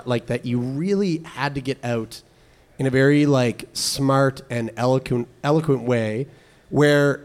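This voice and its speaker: A man's voice: mid-range voice, a little mellow. A man co-hosting a casual advice chat, talking in a rambling way with many fillers and restarts.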